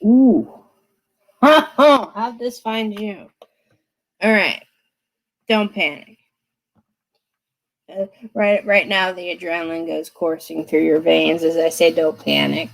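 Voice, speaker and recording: A woman reads tarot cards live from home, speaking at an unhurried pace. Her delivery is chatty and emphatic, and she breaks into laughter often. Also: fairly low pitch, gravelly, low-quality recording. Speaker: tarot reader. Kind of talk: live-stream reading.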